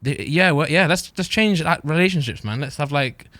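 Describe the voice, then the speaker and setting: A young man co-hosting a podcast, chatting casually and telling stories with a lot of laughter and sudden excited jumps. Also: normal speed, no echo. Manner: laughing storyteller with bursts of high excitement. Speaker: podcast co-host. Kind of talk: casual chat.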